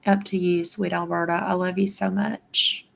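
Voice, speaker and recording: A woman's voice: fairly low pitch, little pitch movement, normal speed, creaky. A middle-aged woman hosting a casual livestream chat, speaking affectionately and answering viewers' comments by name. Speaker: livestream host.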